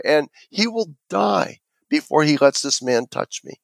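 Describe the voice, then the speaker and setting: A man tells a story with animation and acts out the quoted voices as he goes. His voice sits a little high for a man, and the sound is dry and close to the mic, with no room echo. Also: animated, takes it slowly, gravelly, hardly any pauses. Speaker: interview guest.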